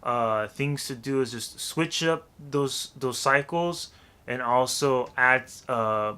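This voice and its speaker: A man's voice: medium pitch, slow pace, pushed and bright, smooth. A man teaching how to rap in a loose, chatty way, counting beats aloud and scatting rhythms. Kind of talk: casual music lesson.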